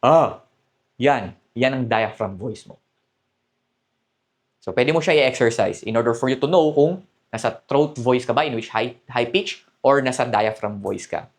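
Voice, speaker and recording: A man with a Filipino accent talks through a dating lesson at an ordinary mid pitch. He explains points casually, mixing Tagalog and English and pausing to ask "okay?". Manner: mixes Tagalog and English, repeats "okay?" to check in. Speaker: dating coach. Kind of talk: coaching talk to camera.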